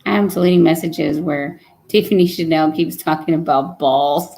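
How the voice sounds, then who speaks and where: A woman's voice: low voice, fairly even intonation, moderate pace, vocal fry, mellow. A young woman, hosting a casual live chat and teasing her viewers with lots of laughter. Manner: playful, teasing, laughs often. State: pregnant. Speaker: livestream host reading chat.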